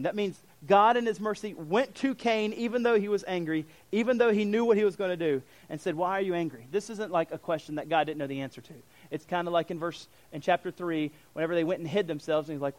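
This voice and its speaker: A young adult man, a pastor, preaching a sermon in an animated way, acting out quoted voices with fillers and restarts. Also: high-pitched, dry recording.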